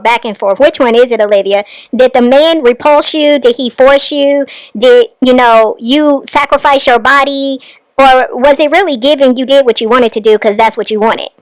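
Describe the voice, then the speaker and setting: A woman's voice: high voice, normal speed, no echo. A woman host giving sarcastic, scolding reaction commentary.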